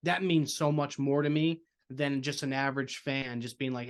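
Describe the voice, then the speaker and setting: A man's voice: medium pitch, steady tone, normal speed, smooth. A man speaking earnestly as a podcast guest in casual chat, leaning on filler phrases.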